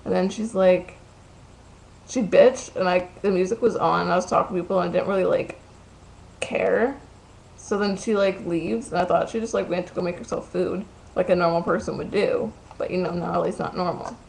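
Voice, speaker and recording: A woman's voice: fairly low pitch, fairly even intonation, normal speed, creaky, a little mellow, poor audio. A young woman telling a story in a casual vlog, ranting and chatty, full of "like" and "um". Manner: chatty, ranting, many likes and ums.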